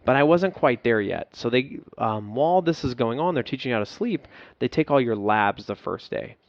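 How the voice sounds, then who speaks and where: Profane former soldier telling a story. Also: male voice, mid-range voice, lively intonation, normal speed, no room sound, highs cut off. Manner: profane, emotional, laughs at himself. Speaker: podcast guest. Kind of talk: candid storytelling.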